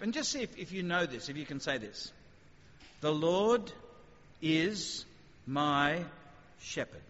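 Preaching a sermon, a man with a fairly high voice speaks in a conversational, animated style and keeps posing rhetorical questions. A long hall reverb trails his words, and the sound is slightly dull and muffled.

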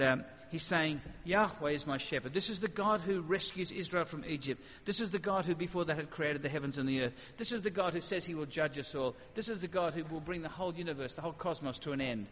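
A man's voice: a little high, a little fast. Man preaching in a reverberant hall. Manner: conversational, animated, rhetorical questions. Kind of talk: sermon. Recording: dull sound with long hall reverb.

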